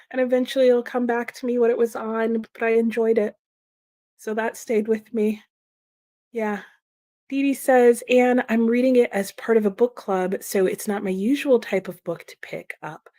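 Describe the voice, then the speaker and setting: A woman's voice: a little high, warm tone. Giggly woman chatting with viewers. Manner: chatty, giggly, reads comments aloud and answers viewers. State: sleepy, slow-brained morning. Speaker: book streamer hosting a live reading chat. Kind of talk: casual live-stream chat reading out comments.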